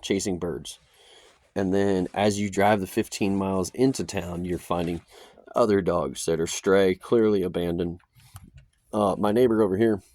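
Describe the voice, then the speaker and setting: Low-voiced man rambling in a dry recording. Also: dark tone, no echo. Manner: loose, chatty, many fillers and asides. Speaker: vlogger. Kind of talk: casual rambling vlog. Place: outdoors by an RV in the high desert.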